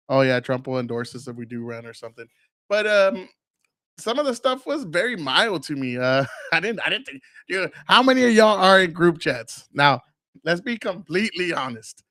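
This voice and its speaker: Fairly high-pitched and a bit bright, this forties-aged host runs a casual solo podcast, swearing freely and rambling between fillers while a cough lingers. The studio recording is clean and echo-free.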